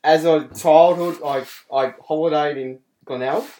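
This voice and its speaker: A man's voice: on the high side, fairly even intonation, measured pace, mellow. A man in his twenties with an Australian accent in casual podcast chat, defending himself between laughs. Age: 20s. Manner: protesting, laughs a lot.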